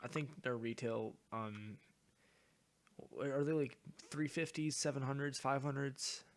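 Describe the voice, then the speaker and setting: A man's voice: medium pitch, fairly even intonation. A young man hosting a casual podcast, joking as he reads out questions. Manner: joking, quick question-asking. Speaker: podcast host asking questions. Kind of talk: casual chat.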